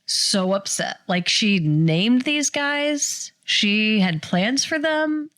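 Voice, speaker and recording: Mom type woman on a podcast, middle pitched, chatty, goes big when she quotes people. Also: slow pace. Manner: animated retelling, acts out quoted voices. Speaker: podcast co-host. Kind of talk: casual storytelling chat.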